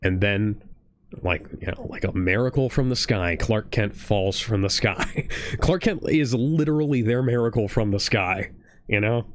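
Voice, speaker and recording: In a casual reaction chat streamed from home, a podcast co-host from Ohio rambles earnestly and restarts often. His voice is lowish and unhurried, with slight background noise.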